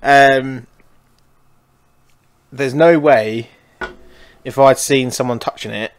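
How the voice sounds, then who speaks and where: A man's voice: medium pitch, takes it slowly. Man, podcast co-host, casual chat, swears a lot, rambles, um-filled.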